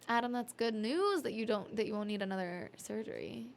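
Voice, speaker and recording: A woman's voice: a little high, very animated, measured pace, gravelly. A woman streaming live from home, chatting and laughing between songs, sleepy and reading chat aloud. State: sleepy, yawning. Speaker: music streamer.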